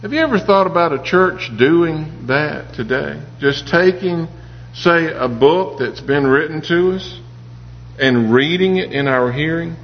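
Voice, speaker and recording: A fairly high-voiced man preaches with earnest, personal storytelling. His voice carries a long reverb, as if from a large hall. The sound is a little dull, with a faint hum underneath. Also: expressive, a little slow. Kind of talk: sermon.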